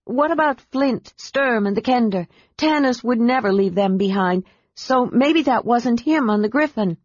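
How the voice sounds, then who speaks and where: A woman's voice: on the high side, animated, unhurried, dry recording, lo-fi sound, voice pushed up. A woman voicing a fierce, commanding woman warlord who rides a dragon, speaking sharply with a raised voice.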